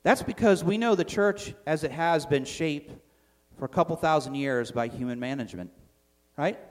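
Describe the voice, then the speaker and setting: Higher-voiced male pastor preaching. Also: moderate pace. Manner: conversational preaching, acts out quotes with shifting volume. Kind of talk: sermon.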